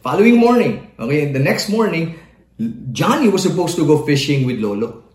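A Filipino man preaching, telling a story in animated mixed Tagalog and English. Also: fairly high pitch, a little fast, reverberant. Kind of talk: sermon storytelling.

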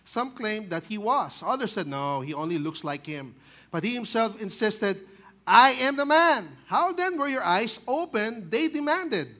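Man, Filipino accent, lively sermon, high bright voice, code-switching. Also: normal speed. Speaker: pastor.

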